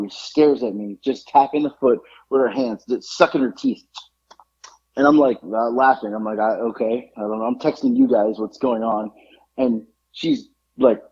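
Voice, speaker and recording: Husky and mid-range, this man's voice comes through dull audio as he co-hosts a podcast. He spins a story in relaxed conversation, animatedly playing each character he mentions.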